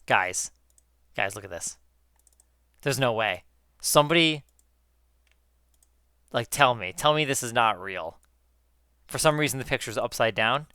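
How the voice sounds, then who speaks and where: A man in casual chat with viewers while gaming, excitable, swearing often and calling his viewers guys. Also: medium pitch, a little slow, long pauses, smooth, no room sound, studio quality. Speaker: gaming YouTuber.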